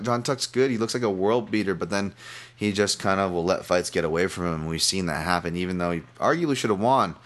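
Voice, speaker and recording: Deep-voiced man rambling on a podcast. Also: fairly bright tone. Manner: rambling, self-deprecating, frequent restarts and tangents. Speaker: podcast host. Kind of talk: casual betting analysis monologue.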